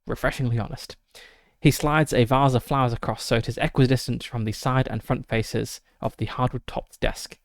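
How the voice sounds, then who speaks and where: A man's voice: mid-range voice, steady tone, moderate pace, creaky, a little mellow, no room sound, studio quality. A man streaming a solo tabletop game, reading the gamebook aloud with frequent fillers and short asides.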